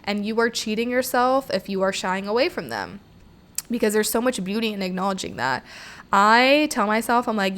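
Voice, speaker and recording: A woman's voice: mid-range voice, animated, moderate pace, fairly bright tone. A young adult woman hosting her own podcast, talking candidly and emphatically, swearing freely and voicing her own inner thoughts. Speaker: podcast host. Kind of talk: candid solo podcast monologue.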